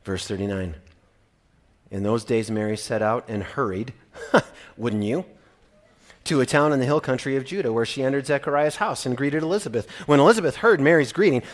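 A man from Minnesota preaching a sermon, animated and shifting between loud emphasis and quiet asides. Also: on the high side. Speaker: pastor.

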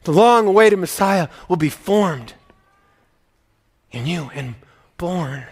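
A man's voice: high voice, expressive, slow pace, husky, heavily acted. A man voicing an overjoyed elderly woman, effusive and exclaiming blessings. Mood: joyful.

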